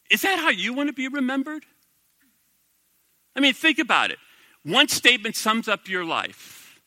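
A middle-aged male pastor delivering a sermon, talking straight to his congregation and asking them question after question. His voice sits high and sounds very bright and clear. It is recorded dry and close, with no room echo. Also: normal speed, pauses often. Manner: animated, conversational preaching with rhetorical questions.

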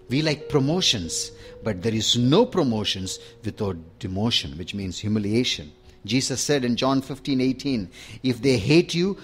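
A man's voice: medium pitch, fairly bright tone. A man preaching a sermon in an emphatic, rhythmic storytelling manner.

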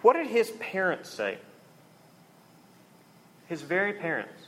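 A man's voice: sits high, huge pitch swings, takes it slowly, a bit bright. A man preaching a conversational, earnest sermon to a congregation, briefly acting out the people in the story.

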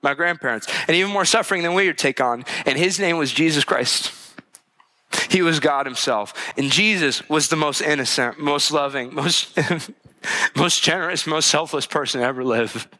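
A man preaching a sermon in an earnest, conversational way, voicing heartfelt prayers and dropping to a hushed tone for them. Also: a little high, normal speed. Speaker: pastor.

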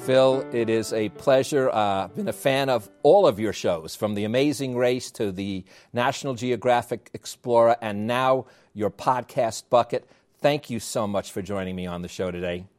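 A man with a New York accent, hosting an interview and warmly complimenting his guest. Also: mid-range voice, moderate pace, soft background music. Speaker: host.

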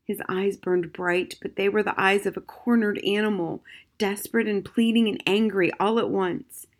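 A woman narrating a children's novel as an audiobook, in a gentle, measured way. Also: medium pitch, steady tone. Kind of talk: scripted storybook narration.

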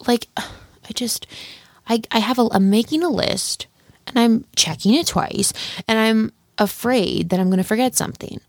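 Chatty young woman, gravelly fry. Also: medium pitch, darkish tone, no room sound. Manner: rambling, chatty, self-deprecating, lots of "like". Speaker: podcast host. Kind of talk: casual solo podcast chat. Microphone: studio microphone.

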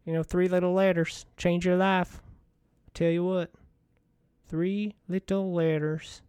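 A man in a rambling comedic monologue as a washed-up TV money-show host, folksy, meandering and deadpan. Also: sits high, slow pace, clear, resonant tone, no room sound, studio quality.

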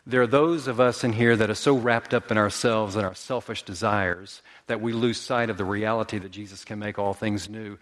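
A male pastor preaching a sermon, rising to high emphatic peaks and then dropping to soft, slow lines. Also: steady tone. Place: church sanctuary. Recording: long hall reverb.

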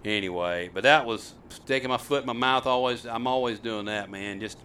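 A man's voice: medium pitch, normal speed, sharp tone, distant mic, a little hiss or hum. A middle-aged man, hosting a show and telling stories in a rambling, self-deprecating, folksy way. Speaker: host. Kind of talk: casual storytelling chat.

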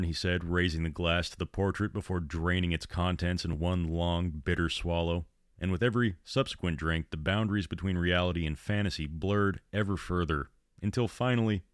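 Male horror storyteller, deep and measured, dry booth sound. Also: no echo. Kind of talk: reading his own horror story.

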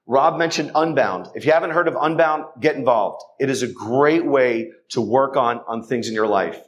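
A man gives an earnest testimony at a church men's event, turning again and again to urge the men in front of him. His pitch sits in the middle, and he delivers it as a heartfelt exhortation. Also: normal speed, muffled recording. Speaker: speaker at a Catholic men's event. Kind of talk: testimony talk to a men's gathering. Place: church hall.

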